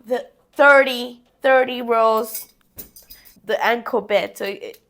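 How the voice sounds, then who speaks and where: Young woman vlogging her knitting, bit of vocal fry, chatty and walking thru each step. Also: a little high, slow, a bit bright. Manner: chatty, talks herself through each step. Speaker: crafting vlogger. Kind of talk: casual how-to narration while knitting.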